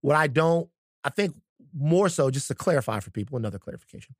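A man's voice: on the high side, expressive, quick pace, no echo, studio quality. A man co-hosting a podcast in casual conversation, talking in a stop-start way with many fillers and restarts. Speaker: podcast co-host.

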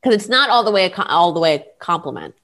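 A co-host in casual chat, answering with quick joking interjections. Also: mid-range voice, very animated, a bit bright.

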